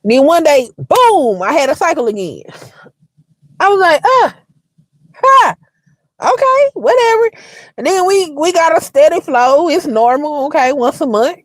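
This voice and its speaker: A woman in her forties hosting a live stream, telling personal stories to her viewers in a blunt, frank and expressive way and swearing freely. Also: high-pitched, no echo. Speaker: livestream host. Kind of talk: casual storytelling to viewers.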